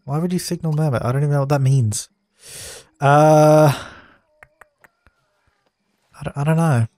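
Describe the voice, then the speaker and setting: A man's voice: on the high side, a little slow, a little mellow, dry recording, clean studio sound. A young man casually commenting on a life-sim game while he plays, chatty and easily exasperated, laughing at its mishaps. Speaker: let's play gamer.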